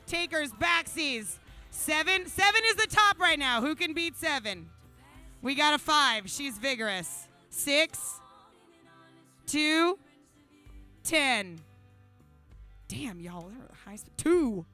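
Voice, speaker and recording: A woman's voice: high-pitched, sing-song, takes it slowly, sharp tone, soft background music. A woman emceeing a live charity paddle auction, playfully hyping the crowd and calling out the bids. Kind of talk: live event hosting. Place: brewery event stage.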